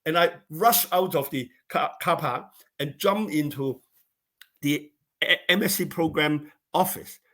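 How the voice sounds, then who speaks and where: Man with a halting storytelling voice. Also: fairly high pitch. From China. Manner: animated anecdotes with many repeated words and fillers. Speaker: interview guest. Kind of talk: storytelling in conversation.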